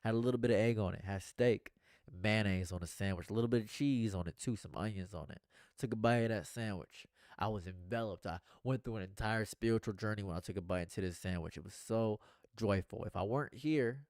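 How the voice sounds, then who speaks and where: A man streaming a rambling, earnest monologue, going from hushed to excited and repeating his phrases. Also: lowish voice, quick pace, no room sound, studio quality. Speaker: commentary streamer.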